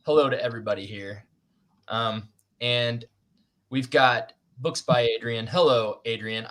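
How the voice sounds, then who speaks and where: A man's voice: mid-range voice, a bit bright. A man hosting a writers' livestream over a video call, chatty and self-deprecating, joking as he goes. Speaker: livestream host. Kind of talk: casual chat.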